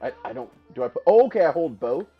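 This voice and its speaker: Man, gaming streamer, excitable, lively swooping pitch, slightly muffled audio. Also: fast talker, husky, soft background music. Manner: excitable, laughing, trash-talking the opponent. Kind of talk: casual live gameplay commentary.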